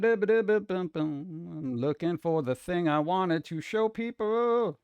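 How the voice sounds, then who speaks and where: A man's voice: sits high, smooth, no room sound, clean studio sound. A man hosting a casual livestream, rambling from topic to topic with sarcastic jokes. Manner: rambling, jokey, sarcastic asides. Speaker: livestream host.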